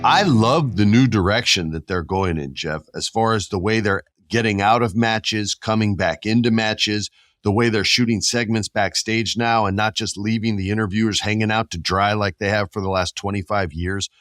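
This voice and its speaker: A man with a fairly low voice hosts a casual podcast, spinning animated stories and throwing in voices and sound effects. He is recorded close and dry, with no room around him. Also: moderate pace, dry recording. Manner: animated storyteller, acts out quotes and sound effects. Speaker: podcast host.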